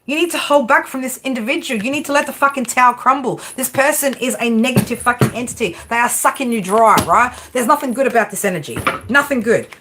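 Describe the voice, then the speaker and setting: A woman reads tarot in a blunt, exasperated monologue full of swearing. She keeps tagging her points with "right?". Her voice sits a bit high, and clear background noise runs under it. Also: fast talker, hardly any pauses. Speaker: tarot reader. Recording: noisy background.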